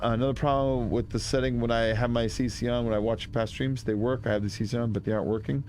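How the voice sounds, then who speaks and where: A man's voice: mid-range voice, fairly even intonation, fast, darkish tone, a little hiss or hum. A man commentating his video game playthrough in a rambling, joking way, laughing often. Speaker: gaming streamer. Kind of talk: let's play commentary.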